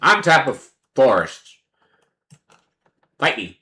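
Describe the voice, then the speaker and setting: A woman's voice: a bass voice, sing-song, slow pace, pushed and bright. A woman streamer giving casual commentary on a card game, playful and sarcastic, acting out both sides of the table and swearing freely.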